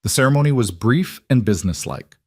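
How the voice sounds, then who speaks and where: A man narrating a western romance story in a calm, measured scripted reading. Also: medium pitch, breathy edge, no echo, studio quality.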